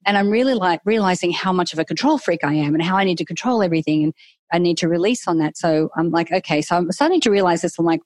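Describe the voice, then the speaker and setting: A middle-aged woman tells a personal story in a casual, candid way. Her voice sits a little low for a woman, and she lively acts out her own thoughts. The sound is dry and close, with no room echo. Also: fast. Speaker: guest.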